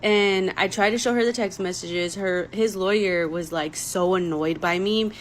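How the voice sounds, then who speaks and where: A woman's voice: medium pitch, moderate pace, slight background noise, rough recording. A young woman telling a personal story in a casual vlog, emotional and rambling, with many "like" fillers. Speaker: storytime vlogger.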